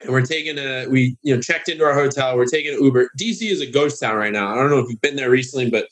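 A man telling a long story on a casual podcast, sarcastic and animated, jumping into high voices to mimic other people. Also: fast talker. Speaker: guest.

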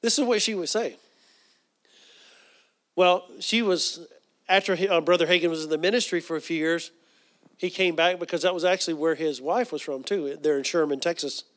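A man's voice: on the high side, normal speed, pauses often, fairly bright tone. A man preaching a sermon, telling stories earnestly with frequent fillers.

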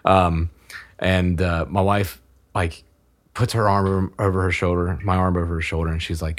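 A man in his thirties casually telling a funny story about himself, animated and laughing as he goes. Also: sits low, moderate pace. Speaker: podcast guest.

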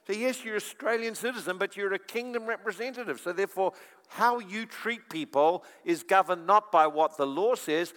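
A male preacher giving a sermon in an animated storytelling manner, with chuckling asides. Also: high voice. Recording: long reverb of a large hall.

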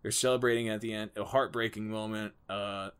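A man casually recapping a movie with a co-host, animated and profane, often laughing and jumping up in pitch when excited. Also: fairly quick, clear, resonant tone. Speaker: podcast co-host.

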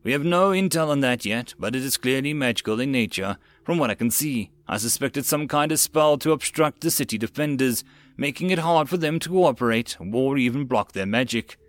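A man's voice: mid-range voice, lively intonation, a little fast, no room sound, lightly acted. Give me a matter-of-fact officer, read by a man, plain and dry. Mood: calm.

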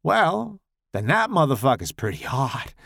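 A man voicing a brash, crude young man who talks in a loud, mocking, swaggering way. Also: mid-range voice, sing-song, measured pace, creaky, no room sound, studio quality, exaggerated voice.

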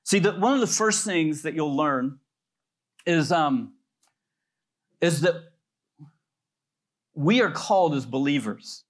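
A pastor preaching a sermon in a loose, conversational way, telling stories with plenty of fillers. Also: male voice, fairly high pitch, lively intonation, slow pace, pauses often. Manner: conversational storytelling with many fillers.

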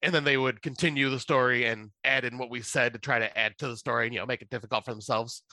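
A man's voice: medium pitch, fairly even intonation, fast, pushed and bright, no echo. A man from Michigan co-hosting a casual chat, rambling through an anecdote with frequent laughs and plenty of swearing. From Michigan, USA. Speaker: podcast co-host.

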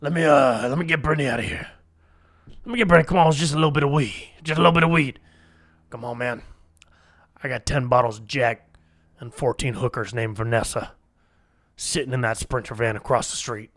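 A man doing an impression of a laid-back, smooth-talking man cutting a deal, with an easygoing, coaxing drawl. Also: mid-range voice, brisk, long pauses, a bit bright, no echo, studio quality, lightly acted.

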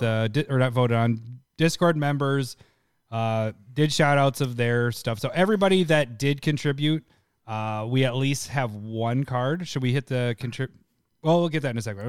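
A man hosting a podcast, casually explaining voting and a giveaway in a relaxed, rambling way. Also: medium pitch, smooth, no echo, studio quality. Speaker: podcast host.

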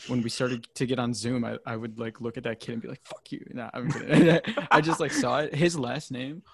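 Gravelly young man, blunt and profane. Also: mid-range voice, lively intonation, a little fast, noisy background. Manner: blunt, profane, laughs often. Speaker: podcast guest. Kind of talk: casual chat.

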